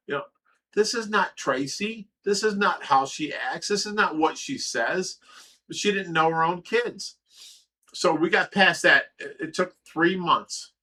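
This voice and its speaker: At a measured pace, an Ohio livestream host in middle age casually tells a story in a slightly high, bright, forceful voice. Swearing comes freely, and he trips over repeated words.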